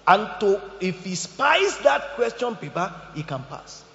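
A man preaching a sermon as pastor, emphatic and joking, swinging between loud bursts and quiet asides. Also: high-pitched, sing-song, measured pace, gravelly. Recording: echoey hall, slightly dull sound.

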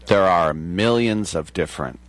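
A man's voice: low-pitched, unhurried, no echo. A man hosting a talk show in a casual, digressive monologue, chuckling at his own asides.

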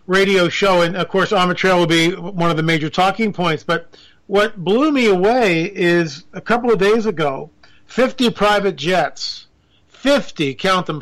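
A man giving a casual political monologue, animated and sarcastic, with joking asides. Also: high voice. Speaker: political commentator.

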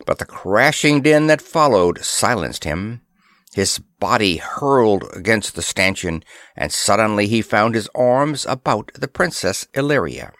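A man narrating a pulp science fiction story in a steady, measured way. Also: fairly low pitch, no echo, clean studio sound.

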